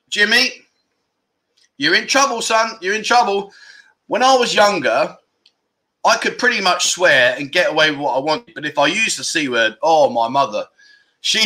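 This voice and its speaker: This is a middle-aged man, chatting on a casual livestream. His voice is very bright and sits a little high for a man. He teases his viewers and restarts his sentences often. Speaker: livestream host.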